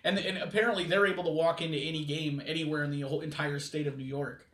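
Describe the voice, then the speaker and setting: A man's voice: on the high side, steady tone, fast talker, fairly bright tone, distant mic, a little hiss or hum. Rambling man in a roomy space. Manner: rambling, lots of "like" fillers and restarts. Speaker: podcast co-host. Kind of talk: casual chat. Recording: roomy, from off-mic.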